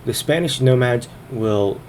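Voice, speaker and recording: A man's voice: mid-range voice, measured pace, a little mellow, a little hiss or hum. A man casually commenting on a strategy game, thinking aloud as he narrates each turn, sometimes a little out of breath. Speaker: gaming video host.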